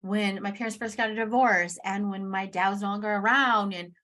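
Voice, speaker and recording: A woman's voice: medium pitch, steady tone, a little fast, a bit bright. A young woman hosting a podcast, telling a personal story in a candid, emphatic, casual way, with the odd swear word. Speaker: podcast host.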